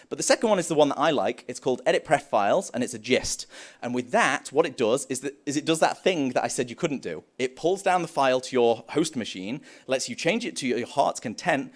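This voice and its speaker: A young man giving a live conference talk on developer tools, joking and acting out playful back-and-forth dialogue. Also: medium pitch. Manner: animated, jokey, acts out playful dialogue. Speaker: conference speaker.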